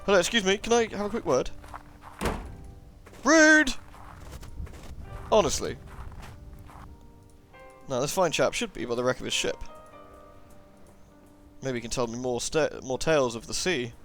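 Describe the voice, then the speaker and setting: A young man talking his way through an adventure game, tossing out wry, muttered jokes and asides. His voice sits in a middling register. Faint game music plays quietly underneath. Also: medium pitch, animated, a little fast. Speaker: let's play gamer. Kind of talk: casual gameplay commentary.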